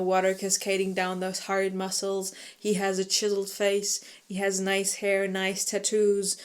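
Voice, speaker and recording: Woman, book club co-host, casual incredulous plot recap, mid-range voice. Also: mid-range voice. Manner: laughing, incredulous retelling.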